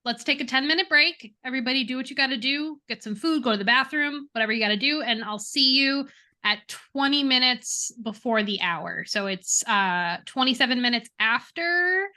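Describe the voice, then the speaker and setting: A woman coordinating a training session over a video call in a relaxed, informal, friendly way. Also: high-pitched, moderate pace. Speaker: session organizer. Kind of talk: casual meeting coordination.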